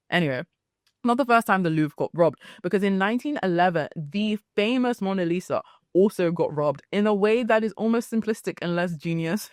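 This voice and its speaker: A young woman hosting a solo podcast, telling stories in a chatty, animated way with frequent asides. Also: fairly low pitch, dry recording, studio quality. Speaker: podcast host. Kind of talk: casual solo podcast chat.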